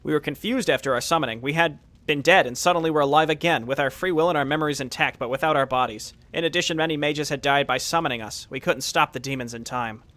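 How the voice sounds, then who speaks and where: Guy reading out a fire spirit from a strategy game, earnest, kinda high bright voice. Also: fast, hardly any pauses. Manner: read aloud from game text, plain. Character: summoned fire spirit, once a man, solemn and earnest.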